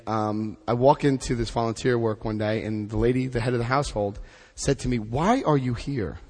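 Animated male storyteller in an echoey hall. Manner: animated, acts out dialogue with big pitch jumps. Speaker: recovery speaker. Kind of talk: personal storytelling talk.

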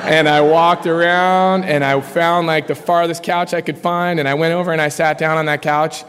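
A man in his thirties speaks from a podium in a large hall, telling his personal story in a loose, slangy, animated way. His voice sits a little high for a man, and a long reverb trails each phrase. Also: moderate pace, clear, resonant tone. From Colorado. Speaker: speaker sharing his story at a recovery meeting. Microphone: podium mic.

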